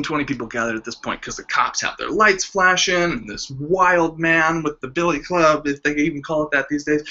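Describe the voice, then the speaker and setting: A man in his thirties, casually telling a story as a vlogger and acting out the quoted lines with lively voices. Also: a little high. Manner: animated, acts out quoted lines with shifting voices. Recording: slightly dull lo-fi sound.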